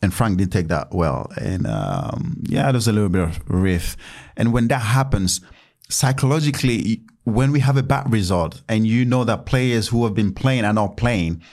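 A man in his thirties talks casually with a fairly low voice, telling dressing-room stories. He swings between mumbled asides and loud acted-out quotes. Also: moderate pace. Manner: animated, acts out quotes in raised voice. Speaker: guest, former footballer. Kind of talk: casual interview storytelling.

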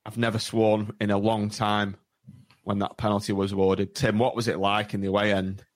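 A man's voice: on the low side, little pitch movement, moderate pace. A man hosting a casual football podcast, steering the chat and bluntly disagreeing. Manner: steers the talk, blunt and contrary. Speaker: podcast host.

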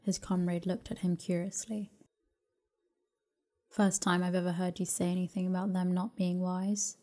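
Woman, bedtime story narrator, soft and unhurried, flat even delivery, warm dark tone. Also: on the low side. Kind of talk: calm bedtime story reading.

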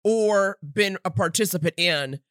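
A woman co-hosting a podcast, chatting casually about a film, animated, laughing often and acting out characters' lines. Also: medium pitch, unhurried, no echo, clean studio sound. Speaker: podcast co-host. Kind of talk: casual chat recapping a film.

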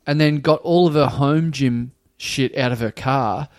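A man's voice: medium pitch, measured pace, no echo, clean studio sound. A man co-hosting a comedy podcast, telling meandering stories with hesitations. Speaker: podcast co-host. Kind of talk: loose comedic chat.

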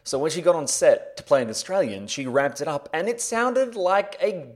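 A man hosting a podcast, talking in a jokey way full of quick asides. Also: a little high, animated. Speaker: podcast host. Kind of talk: comic podcast monologue.

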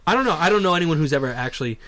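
A man's voice: on the high side, rapid-fire, dry recording. A man co-hosting a podcast in casual, profane chat, telling stories and acting out what people said. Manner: animated, swears freely, quotes people in put-on voices. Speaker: podcast co-host.

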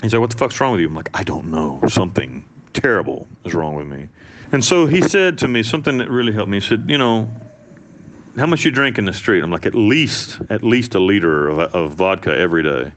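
A man telling his own story in an interview, blunt and profane, with animated delivery. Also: lowish voice, fast talker, a little hiss or hum. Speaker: interviewee, former prisoner.

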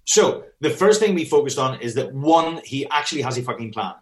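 A man's voice: mid-range voice, animated, brisk. A man talking as a fitness business coach in a casual chat, blunt and swearing often, acting out bits of dialogue.

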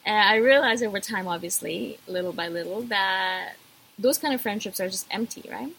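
A woman's voice: mid-range voice, normal speed, vocal fry, fairly bright tone, a little hiss or hum, low-quality recording. A woman vlogger talking casually to camera, emphatic and repetitive, addressing her viewers directly.

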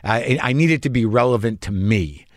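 A man's voice: medium pitch, lively intonation, moderate pace, dry recording, clean studio sound. A man who is a comedian, telling a rambling, profane, anxious story as host of his own show. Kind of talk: storytelling monologue.

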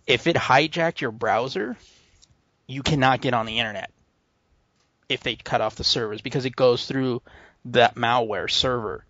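A man's voice: mid-range voice, a bit bright, no echo, lo-fi sound. A man with a West Coast American accent co-hosting a casual tech news podcast, rambling with restarts and laughing often. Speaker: podcast co-host.

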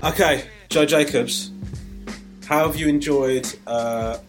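A man's voice: a little high, slow pace, over loud music. A man hosting a casual chat, asking teasing, joking questions. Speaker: podcast host.

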